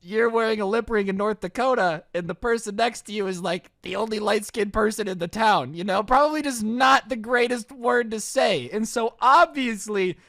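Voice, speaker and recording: A man's voice: high voice, normal speed, hardly any pauses, bright, forceful tone, no echo, clean studio sound. A young man in his twenties telling a comedic story in a casual, slangy, sarcastic way.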